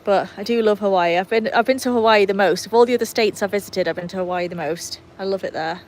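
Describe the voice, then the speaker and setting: A chatty woman from England livestreams by a sunny pool with her dogs, reading out viewer comments, greeting people by name, and baby-talking and calling to the dogs. She speaks fast in a mid-range voice, and the recording is rough.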